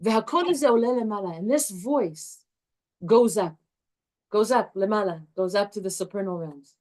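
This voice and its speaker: Animated woman teaching a Torah class. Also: medium pitch, moderate pace. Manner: animated, warm with students, restarts often.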